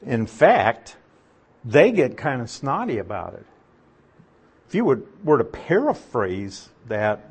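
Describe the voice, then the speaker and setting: A man's voice: medium pitch, very animated, slow pace, breathy edge. A man teaching a Bible lesson, explaining Greek words and putting questions to his listeners.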